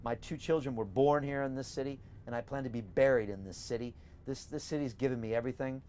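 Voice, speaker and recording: A middle-aged American man with a mid-range voice hosts a live Q&A from a moving campaign bus. His accent has softened after years in Britain. He speaks emphatically and upbeat, repeating his key points over a faint background hum. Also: mid-range voice, quick pace. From United States. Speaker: host and campaigning candidate. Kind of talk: live-stream Q&A, reading viewer questions.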